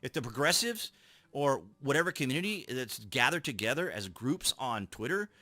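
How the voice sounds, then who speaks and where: A man talks through news pieces in an animated, sarcastic way, his pitch swinging widely as he fires off rhetorical questions. His tone is bright and forceful. The sound is close and dry, with no room around it. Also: normal speed, dry recording. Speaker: political commentary host. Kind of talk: casual political commentary, reading and reacting to articles.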